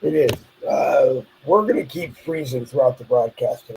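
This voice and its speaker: A man's voice: medium pitch, normal speed, vocal fry, a little mellow, slightly rough, poor audio. A man co-hosting a casual live stream, telling stories in a chatty, loose way. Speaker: co-host.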